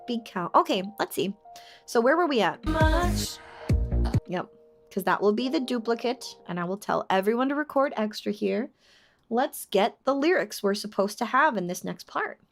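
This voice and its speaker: A woman's voice: fairly high pitch, lively intonation, normal speed, music in the background. A young woman streaming live, chatting with her chat while working on a song and trying out lines by singing them.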